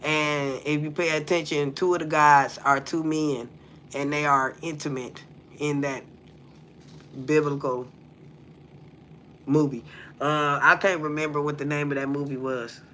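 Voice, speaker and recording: A woman's voice: low-pitched, fairly even intonation, unhurried, long pauses, a bit bright, slight background noise. A woman from the United States hosting a livestream, talking bluntly and profanely and throwing rhetorical questions at her viewers. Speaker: livestream host. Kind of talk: casual livestream talk.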